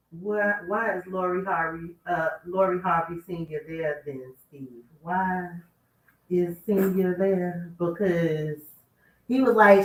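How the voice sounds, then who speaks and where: A woman's voice: lowish voice, slow pace. Sassy woman dishing radio gossip. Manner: sassy, talks back to absent people. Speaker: radio talk show host. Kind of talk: casual celebrity gossip commentary. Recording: roomy, distant mic.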